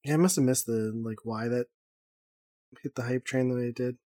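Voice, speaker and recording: A man's voice: mid-range voice, fairly even intonation, a little fast, mellow, no room sound. A man co-hosting a casual chat, making wry, sarcastic jokes. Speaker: podcast co-host.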